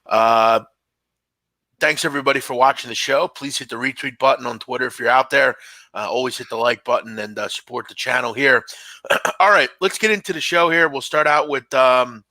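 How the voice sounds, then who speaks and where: A man's voice: medium pitch, moderate pace, pushed and bright, dry recording. A man hosting a casual sports betting show, talking loosely with lots of fillers.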